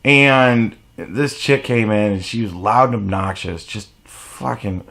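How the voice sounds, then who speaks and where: A man's voice: fairly low pitch, slow, vocal fry, fairly bright tone. A man delivering a blunt, profane, exasperated rant to camera as a vlogger. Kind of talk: ranting monologue to camera.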